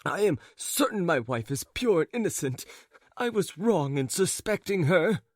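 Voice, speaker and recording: A man's voice: sits high, lively intonation, normal speed, dry recording, studio quality. A man voicing a flustered, jealous husband who stammers and fawns as he babbles on. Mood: flustered fawning.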